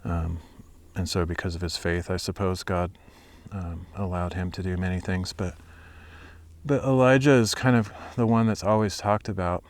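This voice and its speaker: A man's voice: sits low, steady tone, moderate pace. A young man outdoors at sunset, musing aloud about scripture with many fillers and restarts, then reading a Bible chapter aloud. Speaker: Bible reader and hiker.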